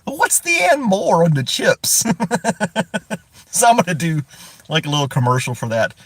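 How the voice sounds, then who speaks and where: A talkative man from the United States chats through a live stream, his pitch moving up and down a lot. He often breaks into chuckles as he rambles. The sound is dry and close, as if he is sitting inside his parked car. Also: big pitch swings, moderate pace, a bit bright, no room sound. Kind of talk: casual live-stream chat.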